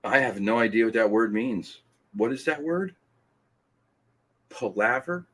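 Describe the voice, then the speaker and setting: A man's voice: medium pitch, expressive, unhurried, a bit bright. A man hosting a casual live stream, reading comments aloud, teasing and laughing often with stumbling restarts. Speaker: podcast host reading live chat.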